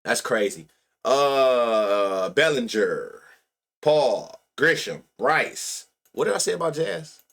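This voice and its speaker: A man's voice: mid-range voice, big pitch swings, takes it slowly, a bit bright. A man hosting a live sports betting stream, reading stats and riffing loosely with plenty of profanity. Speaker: sports betting show host.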